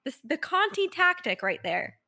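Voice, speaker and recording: A woman's voice: very high-pitched, sing-song, normal speed, creaky, bright, forceful tone. A young woman co-hosting a podcast, chatting playfully and emphatically, laughing often. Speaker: podcast co-host. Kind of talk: casual chat.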